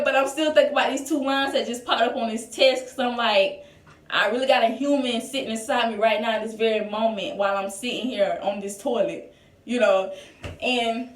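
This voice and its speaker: A young vlogger tells a personal tale in a chatty storytime video, sprinkling in "like" and "y'all" throughout. Her voice is on the high side and far from the mic, bouncing around an echoey room.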